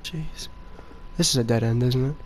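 A man giving casual gameplay commentary with excitable, cursing outbursts. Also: medium pitch, moderate pace, a little hiss or hum. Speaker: gaming video creator.

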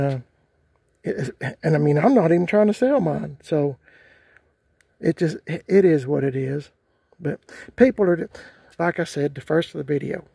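A man's voice: a little high, gravelly, darkish tone, slightly rough, dry recording. A middle-aged man, ranting casually to his vlog audience, rambling and repeating himself in a folksy way. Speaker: vlogger. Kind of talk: casual rant to camera.

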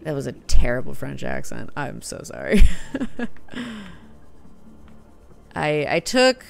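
A woman's voice: deep voice, creaky, fairly bright tone. A woman hosting a gaming video, giving let's-play commentary and reacting aloud with gasps and small whispered asides.

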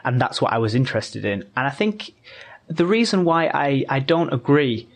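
A man talking as a podcast guest, patient and methodical, often restarting mid-sentence as he explains. His voice sits at an ordinary middle pitch, in a relaxed, casual conversational manner. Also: moderate pace.

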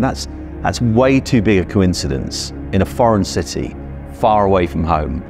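A man's voice: sits low, expressive, moderate pace, creaky, music in the background. A middle-aged British man earnestly telling a vivid personal story and acting out his own past thoughts. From Britain.

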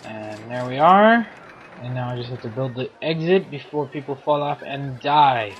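A man's voice: medium pitch, animated, normal speed, muffled recording. A man with a scratchy throat giving playful, silly commentary while playing a game. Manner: playful, silly self-narration. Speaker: let's play host.

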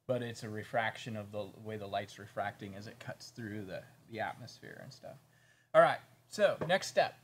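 A man's voice: lowish voice, moderate pace, slightly rough. A man co-hosting a painting tutorial, chatting casually and thinking aloud as he paints. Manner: relaxed, chatty, thinks aloud while working. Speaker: painting instructor, co-host.

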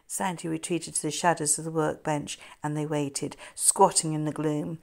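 A middle-aged woman, an author, narrating her novel in a measured, steady storytelling manner. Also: low-pitched, creaky. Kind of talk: scripted narration.

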